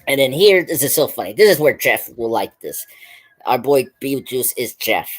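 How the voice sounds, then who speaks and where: A man's voice: mid-range voice, sing-song, moderate pace. A man hosting a pop culture stream, retelling a film's scenes in a loose, rambling way with lots of "like" and restarts. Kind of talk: casual film review chat.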